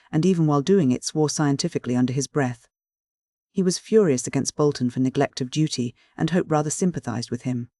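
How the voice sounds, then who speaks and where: A man narrating a classic mystery audiobook in a measured, clear reading. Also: a little high, a little mellow, no room sound, clean studio sound. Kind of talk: scripted literary narration.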